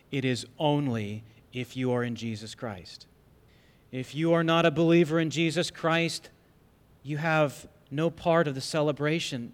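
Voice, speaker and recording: A male pastor preaching a sermon with emphatic rhetorical questions, swinging between loud and soft. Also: a little high. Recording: long hall reverb.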